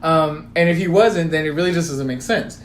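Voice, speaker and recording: In a laid-back podcast chat, a young male co-host spins a story full of profanity and read-out text messages. His pitch is on the high side and he talks a little fast. The audio sounds roomy and echoey, with faint background room noise.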